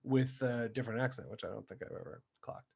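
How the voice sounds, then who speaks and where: A man's voice: mid-range voice, fast, creaky, a little mellow, slightly rough. A man, a stage actor guesting on a podcast, talking in a thoughtful, rambling way full of fillers. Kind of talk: casual chat.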